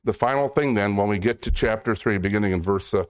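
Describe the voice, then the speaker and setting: A man preaching a sermon, reading scripture slowly and acting out biblical dialogue in a conversational way. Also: on the low side, clean tone. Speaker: pastor.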